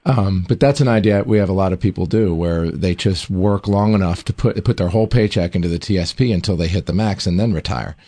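A man's voice: low-pitched, brisk, hardly any pauses, dark tone. A man co-hosting a radio advice show, explaining retirement savings in an easygoing way. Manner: explanatory, easygoing, laughs readily. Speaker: radio co-host, retirement planner.

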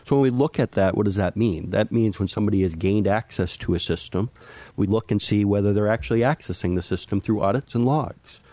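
A man's voice: on the low side, warm tone, dry recording. A man speaking as an industry panelist, explaining his approach in a methodical way. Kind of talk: panel discussion.

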